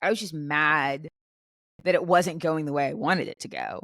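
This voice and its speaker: A young woman co-hosting a casual podcast, telling a story with many restarts and fillers, and jumping much higher when she acts out her own outbursts. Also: moderate pace, fairly bright tone, no room sound, studio quality. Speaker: podcast co-host. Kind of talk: casual chat.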